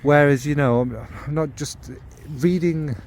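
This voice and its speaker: A man's voice: fairly high pitch, unhurried. A man, talking casually and at length to his vlog audience, rambling and enthusiastic. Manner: rambling, warm and enthusiastic about scents. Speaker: fragrance vlogger. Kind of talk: casual rambling chat to camera.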